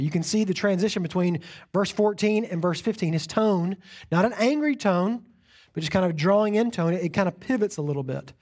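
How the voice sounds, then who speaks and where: A young pastor's sermon in a church sanctuary centers on a lively personal story, with humor at his own expense and many repeated phrases. He talks briskly in a high-pitched voice.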